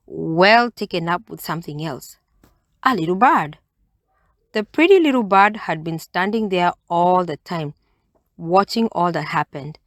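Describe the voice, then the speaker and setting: A woman reading a children's bedtime story aloud, in a gentle and expressive way. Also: on the low side, no room sound, studio quality.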